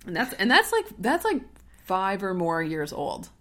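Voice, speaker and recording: A woman's voice: mid-range voice, wildly swooping pitch, measured pace, a bit bright. A woman co-hosting a health news podcast in casual chat, talking freely with frequent laughs and fillers. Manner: chatty, laughs often, many filler likes. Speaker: podcast co-host.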